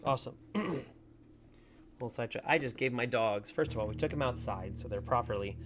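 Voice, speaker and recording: A man's voice: medium pitch, moderate pace, background noise. A man chatting casually on his gaming livestream from home, greeting viewers by name and talking to his dogs. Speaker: livestreaming gamer.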